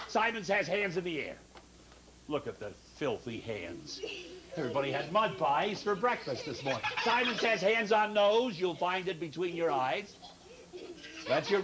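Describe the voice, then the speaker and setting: A man hosting a children's TV show, leading the kids in games with teasing jokes and quick asides. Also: sits high. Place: TV studio with children.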